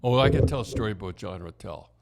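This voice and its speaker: A man's voice: fairly low pitch, animated, fast, noisy background. Older man, podcast co-host, casual chat, rambling storyteller who keeps restarting his sentences. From Canada. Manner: rambling storyteller, frequent restarts, laughs at his own stories. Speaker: podcast co-host, former hockey coach.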